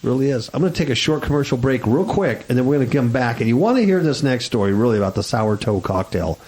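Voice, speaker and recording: A man's voice: mid-range voice, expressive, fast talker, darkish tone. A man hosting a Christian talk radio show, rambling and stammering with indignant restarts.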